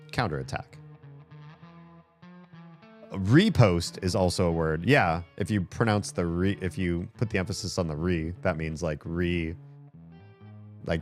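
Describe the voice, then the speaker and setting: A man streaming a game, chatting casually and rambling aloud with plenty of fillers, with faint game music behind him. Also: sits low. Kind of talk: casual gameplay commentary chat.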